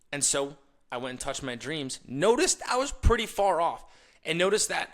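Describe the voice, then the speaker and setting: A man hosts a motivational talk with a bright, tense voice at a middle pitch. He tells stories with energy, laughs along with them, and drops to hushed asides before rising to loud emphasis. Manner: energetic storytelling, laughs while telling stories. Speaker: podcast host.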